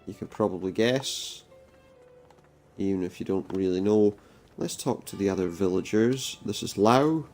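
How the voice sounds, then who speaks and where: A man doing casual gameplay commentary, reading the game's dialogue aloud in a flat voice with dry, jokey asides. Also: low voice, normal speed, faint music behind. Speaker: let's play commentator.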